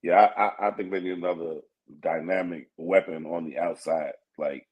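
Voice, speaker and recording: Male sports radio co-host, lowish voice, easygoing, filler-heavy delivery. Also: fairly even intonation, normal speed, lo-fi sound. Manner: laid-back, thinks aloud with many fillers. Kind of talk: casual sports talk.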